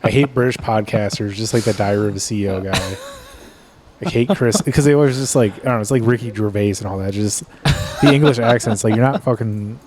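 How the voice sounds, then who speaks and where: A man's voice: lowish voice, a little fast, music in the background. A man co-hosting a podcast in casual chat, often trailing off, blunt and profane. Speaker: podcast co-host.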